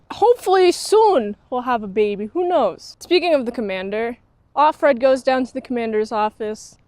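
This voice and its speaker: A woman with a bright, high voice talks through a TV season in a casual, critical review. She is blunt and sarcastic and slips into quick quoted voices for the characters. The sound is dry, with no room echo. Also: lively intonation.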